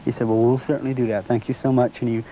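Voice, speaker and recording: A man's voice: mid-range voice, quick pace. A man being interviewed, telling a long personal story in a casual way and acting out the dialogue he remembers. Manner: animated retelling, acts out quoted dialogue. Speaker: interviewee recounting a sighting. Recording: muffled lo-fi recording, faint background noise.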